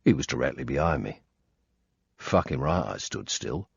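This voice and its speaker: A man reading a first-person thriller audiobook in a tense, measured way. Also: extremely low pitch, expressive, creaky, breathy edge, no echo. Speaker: audiobook narrator. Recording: dull lo-fi recording.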